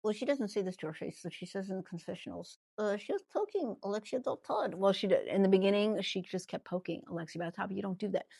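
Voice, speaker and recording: A woman hosting a casual reality-TV gossip recap, chatty and animated, often trailing off and restarting her thoughts. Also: medium pitch, gravelly, no room sound. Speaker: ventriloquist host.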